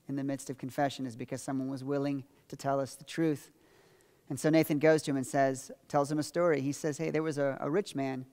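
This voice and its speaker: A man preaching a sermon as pastor, telling a Bible story and moving between emphatic quotes and quiet confession. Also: mid-range voice. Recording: long reverb of a large hall.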